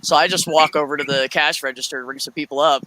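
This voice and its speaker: A woman co-hosting a casual livestream, telling profane, animated anecdotes and acting out the quotes. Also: deep voice, fast talker, noisy background. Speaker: livestream co-host, store worker. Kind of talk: casual chat storytelling.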